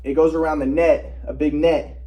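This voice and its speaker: A man in a casual monologue, rambling and boastful, often restarting his sentences and clearing his throat. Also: on the high side, little pitch movement, moderate pace, muffled recording. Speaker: vlogger.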